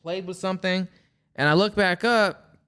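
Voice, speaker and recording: A man's voice: high voice, moderate pace, smooth. A young man co-hosting a podcast, chatting casually and acting out quotes as he tells stories. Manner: animated storyteller, acts out quotes. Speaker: podcast co-host. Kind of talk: casual chat.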